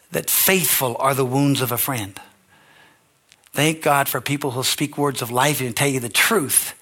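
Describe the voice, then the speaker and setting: Older man, pastor, sermon, earnest, emotional, forceful tone. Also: mid-range voice. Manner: earnest and emotional, rising to shouts.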